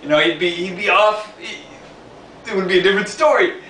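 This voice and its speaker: Fairly quick and high-pitched, a New York City-area man's bright, forceful voice carries a rambling, casual vlog story dotted with repetition and laughs. The sound is echoey and distant, with a faint hiss.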